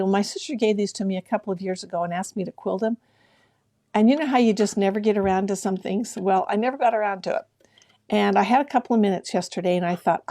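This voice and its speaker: A middle-aged woman hosting a sewing livestream in a relaxed, chatty way. She greets viewers by name and laughs often. Her voice is mellow and carries a gravelly fry. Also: mid-range voice. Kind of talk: casual live-stream chat with viewers.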